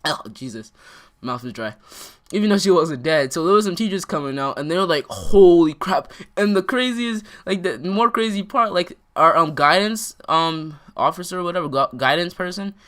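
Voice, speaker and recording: A man's voice: high voice, expressive, moderate pace, bright, forceful tone. A young man telling a story to the camera in casual vlog style, rambling with lots of filler words. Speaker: vlogger.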